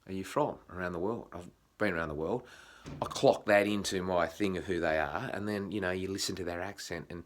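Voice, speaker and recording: Low-voiced Australian man ranting casually. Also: steady tone, slight background noise. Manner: frequent swearing, halting restarts. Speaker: vlogger. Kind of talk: casual rambling monologue.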